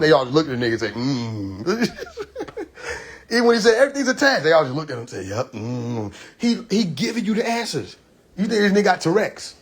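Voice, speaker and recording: This livestream host, recorded on a phone, has a husky, slightly high voice. He spins a story in a relaxed, animated way, often laughing and performing the quoted lines.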